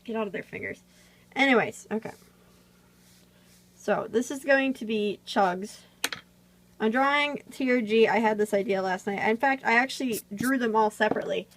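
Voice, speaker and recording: A woman's voice: a little high, moderate pace, long pauses, slight background noise, poor audio. A woman chatting casually while she draws, rambling with lots of fillers, recorded on a phone camera. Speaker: vlogger drawing on camera. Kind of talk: casual drawing tutorial chat.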